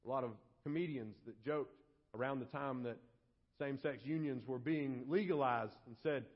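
A male pastor preaching a sermon, animated and acting out quoted voices. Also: mid-range voice, moderate pace, long reverb tail. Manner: animated, acts out quoted voices and shouts for effect. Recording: dull lo-fi sermon audio.

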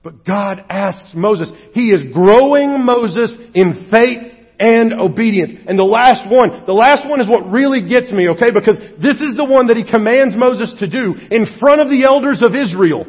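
A male pastor preaching a sermon with animated, humorous storytelling, recorded in a church hall. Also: very high-pitched, moderate pace, breathy edge. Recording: dull echoey hall recording.

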